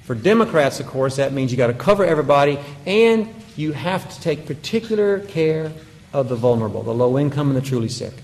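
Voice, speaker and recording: A man's voice: medium pitch, animated, brisk, darkish tone, big-room sound. A man speaking as a conference panelist, giving a policy talk with emphatic points and wry, joking asides. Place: conference hall.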